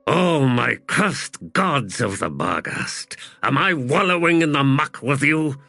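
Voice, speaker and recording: A man voicing a gruff, weary male warlord who curses and answers sardonically, in an audiobook. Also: medium pitch, expressive, takes it slowly, sharp tone, no room sound, voice pushed up, exaggerated voice. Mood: sardonic.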